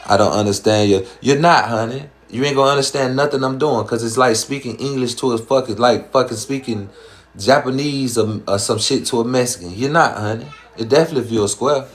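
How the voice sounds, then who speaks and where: A man's voice: mid-range voice, brisk. A man with a Southern American accent, hosting a live stream in casual chat and talking in slangy, profane, rhyming streetwise patter. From Southern US, Georgia.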